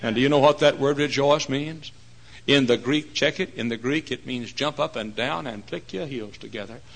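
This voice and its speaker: A man preaching a lively sermon in a church, bursting into shouts and putting on voices. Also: medium pitch, moderate pace, creaky, low-quality recording.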